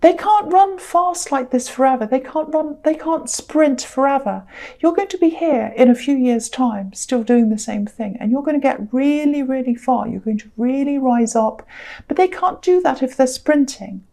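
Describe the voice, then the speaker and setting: Woman tarot reader, raised pitch, warm mellow timbre, reassuring rambling delivery. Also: animated, moderate pace. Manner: gentle, reassuring, rambling with many fillers and restarts. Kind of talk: solo tarot reading to camera.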